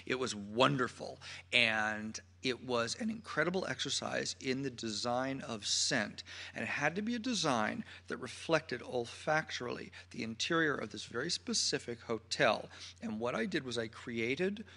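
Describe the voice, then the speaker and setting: A man's voice: mid-range voice, animated, moderate pace, creaky, sharp tone. A man giving a public talk as a perfume critic, an effusive storyteller who piles on gushing adjectives.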